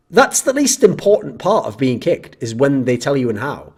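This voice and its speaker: Exasperated male host ranting on comments, husky voice, swings up and down in pitch. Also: very animated, moderate pace, few pauses, a little mellow. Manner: sarcastic, exasperated, swears freely. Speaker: esports commentator and channel host.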